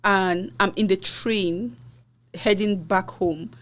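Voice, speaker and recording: A woman's voice: mid-range voice, slow. Earnest woman from Cameroon telling her story. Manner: earnest, expressive retelling of hardships. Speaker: podcast guest. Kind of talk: personal storytelling in conversation.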